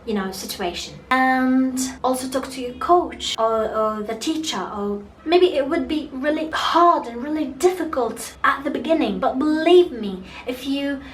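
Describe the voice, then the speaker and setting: A woman's voice: high voice, a little slow, hardly any pauses. A woman who learned English as a second language, talking earnestly to camera in a casual vlog, often repeating and restarting words. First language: not English. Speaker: YouTuber. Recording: echoey room with faint hiss.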